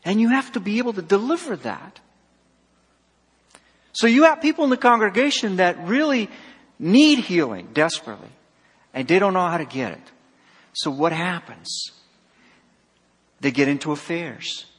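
A man preaching a sermon, emphatic, swinging between loud and soft, acting out dialogue with a slightly husky voice. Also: high-pitched, big pitch swings, normal speed, pauses often. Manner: emphatic, rising and falling sharply, acts out dialogue. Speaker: pastor. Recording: long hall reverb.

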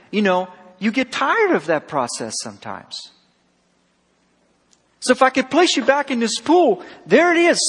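A man preaching a sermon, emphatic, swinging between loud and soft, acting out dialogue with a slightly husky voice. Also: high-pitched. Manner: emphatic, rising and falling sharply, acts out dialogue. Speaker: pastor. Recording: long hall reverb.

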